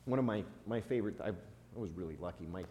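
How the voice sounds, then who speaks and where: A man's voice: fairly low pitch, fast, a little hiss or hum. A man giving a sermon in a conversational, storytelling way. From United States. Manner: conversational preaching with a personal story, some restarts and soft laughs. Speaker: pastor. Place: church sanctuary. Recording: echoey church hall, faint ambience.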